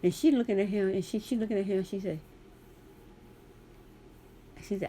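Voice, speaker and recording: A woman's voice: medium pitch, steady tone, moderate pace, pauses often, dark tone, a little hiss or hum. A middle-aged woman, telling a story to camera in a blunt, sassy way. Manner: sassy, blunt, talks straight to viewer. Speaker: vlogger.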